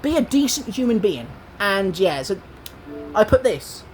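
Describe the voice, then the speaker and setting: A man's voice: sits high, sing-song, unhurried, slight background noise. A man casually telling his viewers about an online game argument, rambling with fillers and restarts. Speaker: gamer telling a story to viewers. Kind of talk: casual storytelling commentary.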